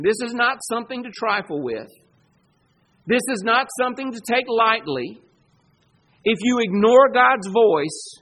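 A man preaching a sermon, emphatic, asking rhetorical questions and swinging between loud declarations and hushed asides. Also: high-pitched.

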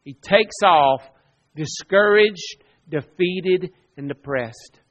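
Speaking slowly in a high voice, a preacher shifts between loud stress and soft asides, impersonating the people he cites. The sound quality is lo-fi.

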